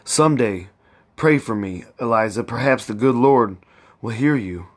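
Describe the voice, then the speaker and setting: A man's voice: medium pitch, animated, a little slow. A man reading aloud as a desperate young husband who speaks mournfully and earnestly.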